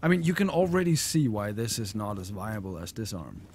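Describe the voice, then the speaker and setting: A man talking casually over his gameplay, loose and rambling with plenty of fillers. His voice is low but swings widely in pitch. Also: very animated, fairly quick, darkish tone, slight background noise. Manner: laid-back, rambling, with fillers. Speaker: gamer commentator.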